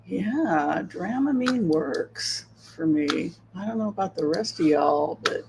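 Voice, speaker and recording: A woman's voice: lowish voice, animated, slow pace, vocal fry, noisy background. Chatty woman hosting a livestream. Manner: chatty and rambling, checking with viewers. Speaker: tarot reader and livestream host. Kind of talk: casual livestream chat.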